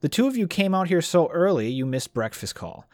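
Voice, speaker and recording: A practical young noblewoman offering breakfast in a matter-of-fact tone, with a lively rise and fall, as a man reads her lines aloud. The sound is dry and close. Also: fairly high pitch, brisk, dry recording, pitched above the performer's own voice. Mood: brisk. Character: brisk, generous young noblewoman.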